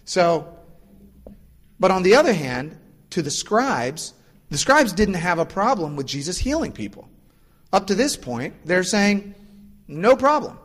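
A man's voice: a little slow, long pauses. A male pastor giving a casual, explanatory sermon. He acts out the voices of the people in his stories. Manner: casual and explanatory, acts out quoted voices with lively pitch jumps. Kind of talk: conversational sermon. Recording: long reverb of a large hall.

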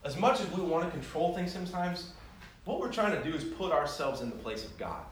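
A man preaching in a relaxed, conversational manner, poking fun at himself and livening up when he tells a story. His voice sits a bit high for a man. It is caught from some distance in a strongly echoing room with a faint hiss behind it. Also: fairly quick. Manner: conversational, self-deprecating, animated when telling stories. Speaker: pastor. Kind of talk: sermon with personal stories. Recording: echoey room heard from a distance.

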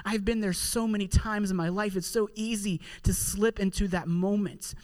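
A man preaching a sermon in an earnest, conversational way, slowing down to read scripture. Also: high voice, fairly even intonation, a little mellow. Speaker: pastor.

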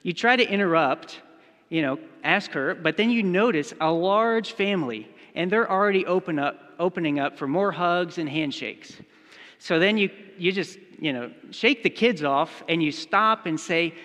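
A man's voice: high voice, normal speed, a bit bright, big-room sound. A man preaching a sermon, telling a story and speaking its quoted lines in his own voice. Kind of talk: sermon with acted-out illustration.

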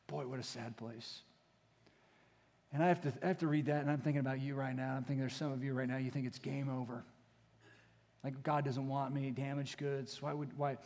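A man preaching a sermon as pastor, moving between hushed, intimate passages and rising, emphatic exhortation. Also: mid-range voice, steady tone, fairly quick, pauses often. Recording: long hall reverb.

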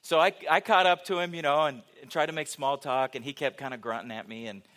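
A man's voice: a little high, fairly even intonation, fast, fairly bright tone. A middle-aged man preaching a sermon, telling a story with humor and asking the audience questions.

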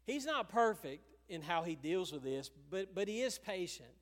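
A man preaching a sermon as pastor, animated and chuckling, acting out the people he talks about. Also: high voice, normal speed, long reverb tail.

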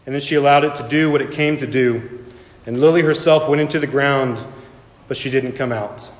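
A man preaching a sermon and telling a story, earnest and slow, dropping soft for emphasis. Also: fairly high pitch. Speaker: pastor. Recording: echoey hall reverb.

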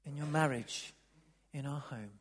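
A man preaching a sermon, dropping to near-whispers, then rising to loud emphatic bursts, often repeating words as he restarts. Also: medium pitch, a little slow, breathy edge. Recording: long reverb of a large hall.

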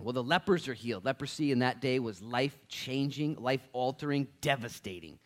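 Man, pastor, sermon, animated, joking asides, loud to hushed swings, mid pitch. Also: fairly quick.

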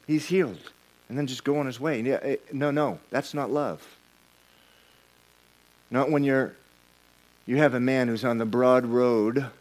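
A middle-aged man preaching a sermon as pastor, emphatic and repeating himself as he builds his points. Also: mid-range voice. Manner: emphatic, repeats words and restarts lines while preaching.

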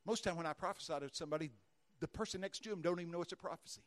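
A man preaching a sermon, telling stories in a lively way, acting out the dialogue and breaking into shouts. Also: a little high, very fast. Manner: animated, acts out dialogue and shouts in bursts of excitement. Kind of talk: sermon storytelling.

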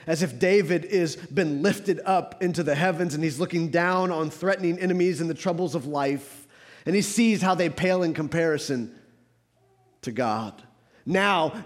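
A man delivers a sermon from the pulpit, his voice sitting noticeably high for a man. He swings between fervent, pressing emphasis and soft, hushed passages. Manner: rises to fervent emphasis, drops to hushed tones. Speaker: pastor.

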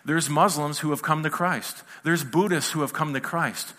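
A man's voice: a little high, steady tone, normal speed, bright, forceful tone. A male pastor preaching a conversational sermon to a congregation in a church, mixing humor with acted-out quotes.

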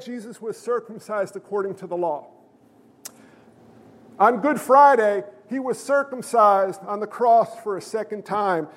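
A man preaching a sermon to a congregation in a church, emphatic, firing questions at the listeners. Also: high voice. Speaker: pastor. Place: church sanctuary. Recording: long hall reverb.

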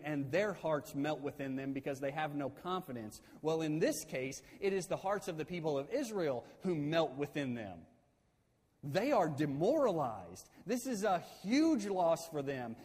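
A man's voice: on the high side, a little mellow, long reverb tail. A man preaching a sermon conversationally, asking his listeners questions and repeating key phrases.

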